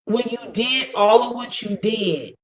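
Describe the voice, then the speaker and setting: A woman's voice: a little high, lively intonation, a little slow. A woman co-hosting a livestream, chatting loosely and directly to her viewers. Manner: loose, talky, addresses the audience directly. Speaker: livestream co-host. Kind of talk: casual chat to viewers. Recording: roomy echo.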